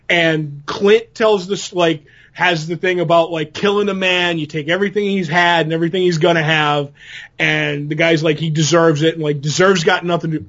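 Excitable high-voiced man recapping a film. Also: lo-fi sound. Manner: enthusiastic, retells scenes with quoted lines. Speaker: podcast co-host. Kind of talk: casual movie discussion.

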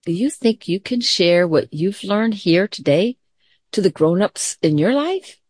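A middle-aged woman teacher giving a gentle, calm mindfulness lesson to children, mixing story time with questions to the class. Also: medium pitch, measured pace, no echo, studio quality.

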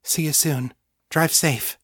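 A gentle young woman speaks in a tender, reassuring way, put on by a male narrator in a higher voice. The recording is dry and close. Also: steady tone, slow, slightly rough, dry recording, exaggerated voice. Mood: helpful. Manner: soothing, tender.

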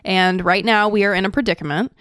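A woman's voice: medium pitch, steady tone, quick pace, a bit bright, no echo, clean studio sound. A woman co-hosting a podcast, chatting in an upbeat, easy way. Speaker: podcast co-host. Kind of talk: casual chat.

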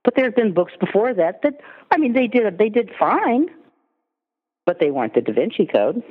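A woman's voice: mid-range voice, big pitch swings, normal speed, husky. Woman guest, chatty and conversational, heard over a thin phone line with a long reverb tail. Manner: chatty, peppered with "you know" and "I mean". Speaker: literary agent guest. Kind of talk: casual interview talk.

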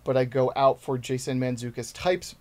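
A man's voice: mid-range voice, normal speed, darkish tone. A man in his thirties, a stand-up comedian chatting as a podcast guest, telling rambling, self-deprecating stories. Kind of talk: casual podcast chat.

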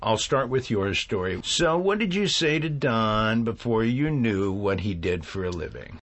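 A man's voice: fairly low pitch, expressive, unhurried. A man hosting a conversational interview who prompts his guest's stories and cuts in with wry, teasing remarks. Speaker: interviewer host.

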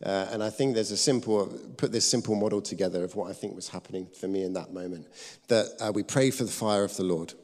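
A man preaching a sermon, telling a personal story, lively when acting out scenes and soft when quoting. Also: lowish voice, quick pace. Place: church hall. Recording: long reverb of a church hall.

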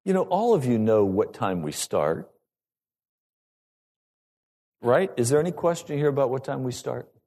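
A male pastor preaching a sermon to his congregation in an animated, rising and falling delivery. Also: medium pitch, a little slow, long pauses, slightly rough.

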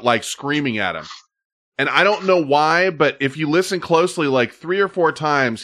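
A man's voice: medium pitch, sharp tone. A man hosting a podcast in casual chat, laughing often and talking loosely and profanely. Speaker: podcast host. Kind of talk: casual chat about viral videos.

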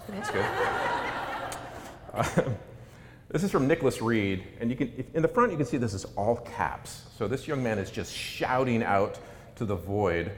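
A man's voice: very animated, measured pace, pauses often. A middle-aged man, an author, giving a humorous talk in a wry, self-mocking way. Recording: echoey hall with faint rumble.

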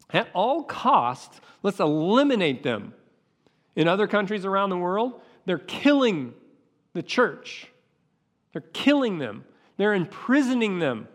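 A man's voice: sits high, fairly bright tone. A man preaching a sermon with passion, acting out voices as he goes. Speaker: pastor. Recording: long hall reverb.

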